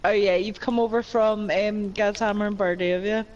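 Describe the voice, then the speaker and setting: A woman's voice: medium pitch, steady tone, normal speed, darkish tone, highs cut off. A woman with a Scottish accent chatting playfully while streaming a game, teasing her friends. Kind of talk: casual gaming chat with friends.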